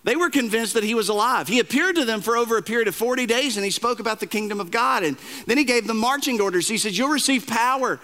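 A man's voice: very high voice, animated, fast talker, few pauses, pushed and bright. A man preaching a sermon as pastor, telling stories with self-deprecating humor and often repeating words as he starts a sentence.

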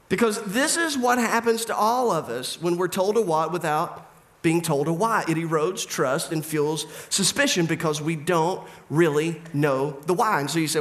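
A man's voice: sits high, moderate pace, a bit bright. A middle-aged man preaching a sermon in a conversational, humorous way. He acts out back-and-forth dialogue as he talks. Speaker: pastor.

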